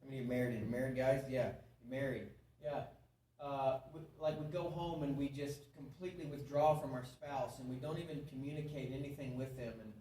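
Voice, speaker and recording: A man's voice: medium pitch, steady tone, a little fast, hardly any pauses, warm tone. A man gives a sermon-style talk with an earnest, folksy delivery, circling back over his points and asking the audience questions. He stands a little way from the mic, so the voice sounds distant in a roomy hall. A faint hum of room noise sits underneath. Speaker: speaker at a men's meeting. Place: church hall before an audience.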